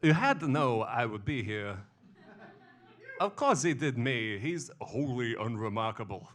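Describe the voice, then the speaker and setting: A man's voice: mid-range voice, sing-song, fairly bright tone, a little hiss or hum. A man on stage impersonating an eccentric older actor whose speech halts and stresses the wrong words. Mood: deadpan. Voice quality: halting cadence with stress in odd places. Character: eccentric older male actor, deadpan and odd. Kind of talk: live stage impression. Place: small comedy venue.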